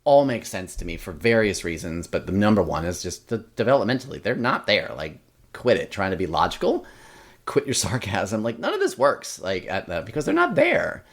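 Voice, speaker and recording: A young man talks casually on a podcast in a lowish voice. He rambles with plenty of fillers and restarts. He slips into livelier voices when he quotes his family. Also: sing-song, brisk. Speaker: podcast guest. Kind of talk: casual interview chat.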